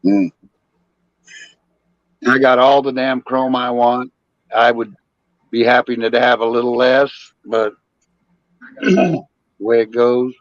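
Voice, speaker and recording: A man's voice: mid-range voice, fairly even intonation, takes it slowly, long pauses, no echo, highs cut off. A man chatting casually, blunt and joking about bikes. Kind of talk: casual chat.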